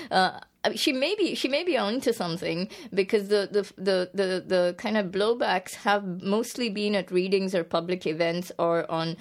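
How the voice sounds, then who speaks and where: In an interview about her book, the poet sounds hesitant, piling on restarts and fillers while thinking things through, and she is quick to laugh. Her medium-pitched voice moves at a moderate pace with hardly any pauses.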